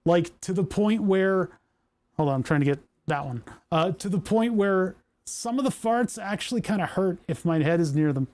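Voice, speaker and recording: A man's voice: high voice, lively intonation, normal speed, a little mellow, dry recording. A man chatting casually while tinkering in his workshop, rambling and self-amused, recorded on a lapel microphone. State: hiccuping. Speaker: maker streaming a workshop project. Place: indoor workshop.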